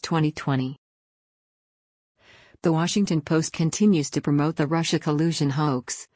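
A woman reading a news article aloud in an even, measured scripted narration. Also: deep voice, no echo, clean studio sound.

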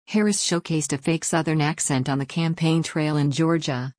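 Woman, low voice, dry close sound, steady news read. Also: moderate pace, dry recording. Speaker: news reader. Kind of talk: scripted news narration.

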